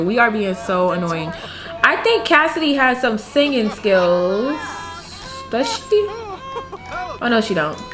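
A woman's voice: a little high, a bit bright. A woman casually commenting on her life-sim game in a chatty, slangy, giggly way. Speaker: gaming youtuber. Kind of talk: casual let's-play commentary.

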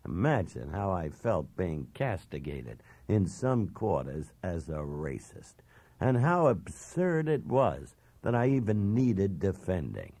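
A man's voice: low voice, very animated, slow pace, dark tone, no echo. A man narrating a first-person memoir audiobook in a blunt, self-assured, emphatic way.

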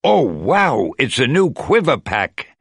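A polite, hesitant archer hero with a raised, bright storybook voice, as a man voices him. The sound is dry and close. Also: medium pitch, wildly swooping pitch, slow pace, breathy edge, no echo, voice pushed up, exaggerated voice. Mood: awkward.

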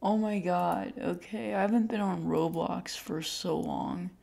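A young woman addresses her viewers close to tears, her speech halting and broken by fillers and sighs. She talks slowly in a fairly low voice. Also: fairly even intonation, gravelly, mellow. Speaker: YouTuber. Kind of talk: emotional vlog to viewers.

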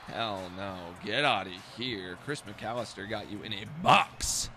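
A young man giving loud, profane, self-mocking commentary while streaming a football video game. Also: on the low side, unhurried, hardly any pauses, music in the background. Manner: profane, self-mocking trash talk with sudden outbursts. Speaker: gaming streamer. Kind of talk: live gameplay commentary.

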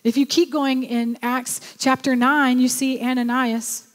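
A woman's voice: high voice, little pitch movement, a little slow, big-room sound. A woman pastor preaching a sermon, exhorting her listeners and urging them on. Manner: exhorting, repeats "come on".

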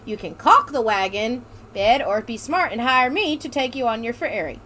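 A woman's voice: fairly high pitch, lively intonation, normal speed, heavy background noise, lightly acted. A woman doing a folksy pioneer ferryman. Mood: salesy. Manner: folksy put-on drawl.

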